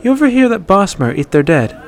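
A man's voice: high voice, very animated, fast talker, creaky, pitched above the performer's own voice, exaggerated voice. A man voicing a mischievous, tipsy woman warrior with slurred, sarcastic speech. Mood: teasing.

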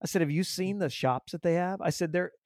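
A man hosts a podcast and tells stories, acting out the lines of the people in them. His voice sits a little high, and the sound is close and dry. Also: brisk, dry recording. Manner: animated storyteller, acts out dialogue, repeats words. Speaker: podcast host. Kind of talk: casual storytelling interview.

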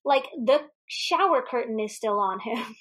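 A woman's voice: fairly high pitch, expressive, measured pace, fairly bright tone. A woman co-hosting a podcast, chatting casually about a movie, laughing often and swearing freely. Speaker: podcast co-host. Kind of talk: casual movie recap chat.

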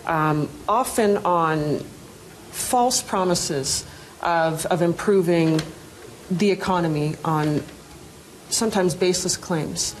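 A woman giving an angry, emphatic speech, slow and deliberate in her pacing. Her voice sits a little low for a woman. Faint background noise runs under the recording. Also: rough recording. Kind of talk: impassioned speech in a news video clip.

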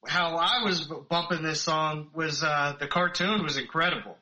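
A man's voice: on the high side, normal speed, bright, forceful tone, dull audio. A man co-hosting a casual podcast chat, joking and teasing the others.

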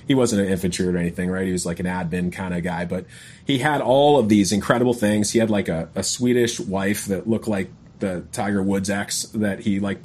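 Man, casual storytelling, rambling, mid-range voice, podcast chat. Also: mid-range voice. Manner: rambling, says "man" and "you know" often. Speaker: guest.

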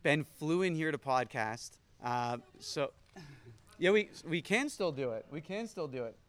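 A man hosting a casual live podcast chat at a camp event, animated and laughing often, tired from no sleep. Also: on the high side, measured pace, clean tone. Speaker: podcast host.

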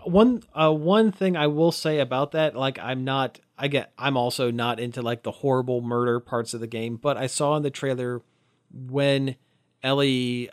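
A man's voice: medium pitch, no echo, studio quality. A man co-hosting a casual podcast chat, rambling with lots of "like" fillers. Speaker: podcast co-host.

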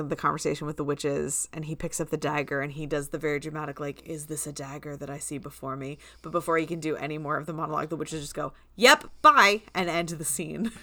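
In a relaxed podcast conversation, this co-host is a lively storyteller who performs the quoted lines herself. She has a low voice, and the recording has no room sound.

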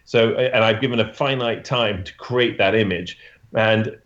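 A man who is a portrait photographer, telling a story in an interview, halting often with restarts and "you know" fillers. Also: lowish voice, fairly even intonation, fairly bright tone, roomy sound, muffled recording.

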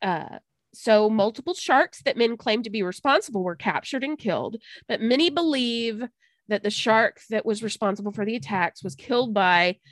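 A woman's voice: on the high side, normal speed, no room sound. Dry-voiced woman telling a story. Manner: animated storytelling, laughs and stumbles over names. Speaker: podcast co-host. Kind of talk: casual history storytelling chat.

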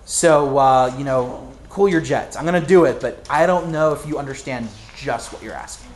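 A man's voice: mid-range voice, normal speed, slight background noise, close to an everyday voice. A preacher voicing a weary, sarcastic fisherman. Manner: sarcastic, grumbling complaint. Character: exhausted, exasperated grown fisherman.

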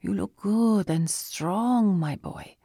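Woman reading as a Russian-accented father's spirit, clipped speech, slow, gravelly, dry sound. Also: sits high, warm tone, dry recording, heavily acted. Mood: tender. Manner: clipped phrases dropping small words. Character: father's spirit from paradise, earnest Russian man. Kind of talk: storybook narration.

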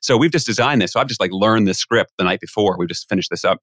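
A man with a fairly low voice tells a story as a podcast guest, and he gets animated as he acts out what other people said. The sound is dry and close, with no room around it. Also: quick pace, no echo. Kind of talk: conversational storytelling.

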